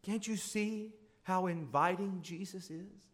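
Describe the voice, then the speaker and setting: Earnest preaching man, fairly high voice. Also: moderate pace. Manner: earnest preaching with rising emphatic swells; drops to soft intimate asides. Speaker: pastor. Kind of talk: sermon.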